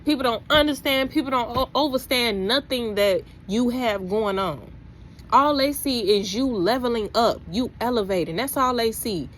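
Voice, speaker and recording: A young adult woman, talking casually to camera about faith, preachy and animated, with her voice climbing when she exclaims. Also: a little high, moderate pace, slight background noise. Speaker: faith vlogger.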